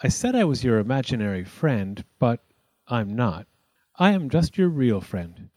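A man's voice: medium pitch, very animated, a little slow, warm tone. A man voicing a shy, kindly boy ghost in a storybook reading, speaking hesitantly, with stammers. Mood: earnest.

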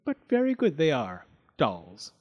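A man's voice: fairly high pitch, huge pitch swings, measured pace, dull audio, exaggerated voice. A man voicing a vain, fierce creature that eats dolls and speaks gleefully. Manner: gleeful, boastful, smacking lips. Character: vain fierce doll-eating male creature.

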